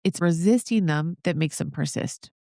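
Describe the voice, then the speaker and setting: Woman podcast host, solo talk, upbeat and encouraging, slight vocal fry, dry close sound. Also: sits low, moderate pace, warm tone, dry recording. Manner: upbeat, encouraging, talks straight to listeners.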